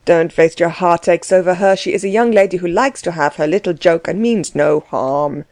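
A woman's voice: on the low side, normal speed, a little mellow, dry recording, lightly acted. A woman reading aloud, voicing a harsh, bossy middle-aged German man who laughs at others. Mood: mocking.

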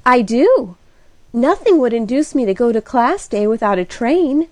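A woman's voice: fairly high pitch, lively intonation, measured pace, darkish tone, no echo. A woman voicing an eager, impulsive young woman in an audiobook reading, speaking in a breathless, gushing and emphatic way. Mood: excited.

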